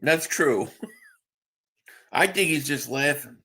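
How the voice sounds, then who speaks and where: A man's voice: a little high, lively intonation, drawn-out words, sharp tone, slightly rough. A man hosting a live stream, chatting casually and answering viewers' comments while tired from just waking up. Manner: reads chat aloud and answers viewers, with restarts.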